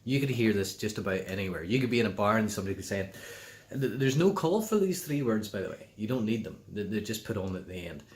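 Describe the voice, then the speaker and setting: A man's voice: lowish voice, expressive, fast, hardly any pauses, darkish tone, slightly rough. A man with a Northern Irish accent chatting casually on a self-filmed vlog in a park, explaining things in a friendly, easygoing way. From Northern Ireland. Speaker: vlogger. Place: outdoors in a local park. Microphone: handheld camera or phone, self-filmed.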